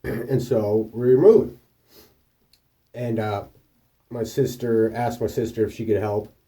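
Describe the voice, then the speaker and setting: A man with a lowish voice, recorded from a distance, speaks slowly in a casual vlog. He tells rambling, profane stories about his week, acting out the people in them with animated voices.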